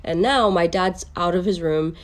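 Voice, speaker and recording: A woman's voice: fairly low pitch, normal speed. A young adult woman telling a personal story in a casual, candid way, swearing freely and quoting people as she goes. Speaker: storytime creator.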